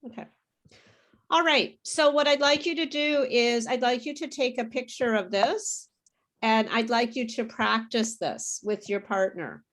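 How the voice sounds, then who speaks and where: A woman teaching English pronunciation in an online class, saying words clearly and patiently for students to repeat. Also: a little high, unhurried, a bit bright.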